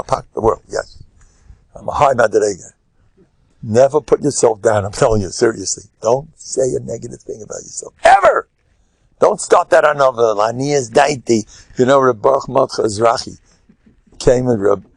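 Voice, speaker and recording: Older rabbi with a gravelly voice. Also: male voice, medium pitch, dry recording. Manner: emphatic, with sudden loud bursts and quick asides; chatty, storytelling, chuckling. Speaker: rabbi giving a lecture. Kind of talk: animated Torah lecture.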